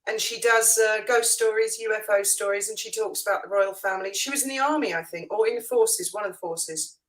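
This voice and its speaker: A woman joins a casual online chat as a guest, talking in an easygoing way. She is relaxed and self-deprecating, with a plain, mid-pitched voice. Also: brisk, rough recording.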